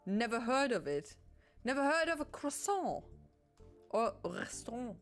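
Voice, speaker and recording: A woman's voice: a little high, very animated, measured pace, soft background music. A German woman streaming a game in English with a German accent, chatting casually, musing aloud and often correcting herself.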